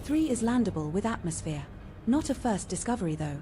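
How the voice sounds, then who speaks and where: A woman voicing a calm female ship computer that reads out in-game announcements in an even, informative way. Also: medium pitch, fairly quick, slight background noise, close to an everyday voice.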